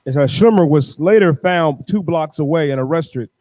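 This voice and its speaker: A man reading a news article aloud as co-host, in a flat, halting way. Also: a little high, no echo.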